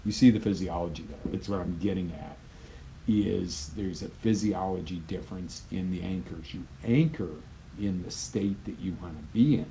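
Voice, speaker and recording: Man, live motivational coach, low gravelly voice, punchy and chatty with sudden loud bursts. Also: moderate pace, slight background noise, poor audio. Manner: emphatic, conversational, swings from loud bursts to quiet asides. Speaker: life coach.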